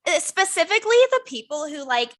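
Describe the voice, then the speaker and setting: A woman's voice: sits high, big pitch swings, fairly quick, bright, forceful tone. Bubbly young woman telling a story. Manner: bubbly storyteller, acts out quotes. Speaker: podcast co-host. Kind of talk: casual chat.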